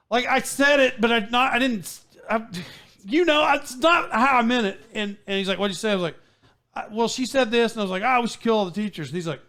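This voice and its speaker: A man hosting a podcast, telling a story in a casual, animated way with frequent laughs and restarts. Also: very high-pitched, fairly quick. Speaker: podcast host.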